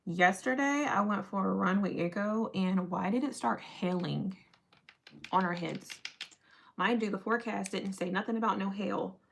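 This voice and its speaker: A woman's voice: mid-range voice, normal speed, creaky, husky. A young adult woman chatting casually with viewers on a livestream while doing her makeup.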